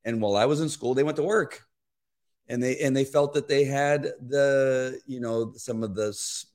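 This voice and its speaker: A man's voice: mid-range voice, moderate pace, darkish tone. A man hosting a commentary show, talking in an earnest, rambling way. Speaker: host. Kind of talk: casual spoken commentary.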